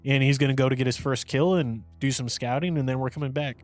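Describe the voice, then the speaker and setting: A man's voice: medium pitch, fairly even intonation, fast, faint music behind. A man co-hosting a podcast, reviewing a movie in casual, rambling chat full of fillers and restarts. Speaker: podcast co-host.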